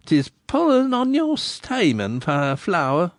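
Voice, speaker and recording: A man voicing a gossipy village innkeeper who flatters and teases in a rustic dialect. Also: high voice, slow, no room sound, studio quality, pitched above the performer's own voice, heavily acted. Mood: flattering. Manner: smooth, teasing flattery.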